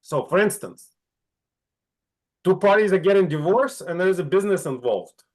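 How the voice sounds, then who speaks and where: A man's voice: high-pitched, lively intonation, normal speed. A middle-aged man teaching an online class, asking the students questions and often checking in with "right?". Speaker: instructor.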